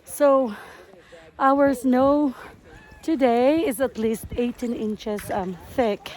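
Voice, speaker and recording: A woman vlogging outdoors in the snow on a handheld camera, cheerful and cooing at her dogs in a high voice. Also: very slow, a little mellow. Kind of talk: casual vlog chat.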